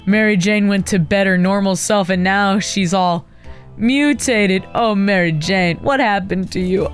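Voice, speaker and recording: A woman streamer giving casual gameplay commentary, excitable and melodramatic with sarcastic asides. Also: medium pitch, a little slow, soft background music. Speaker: gaming streamer.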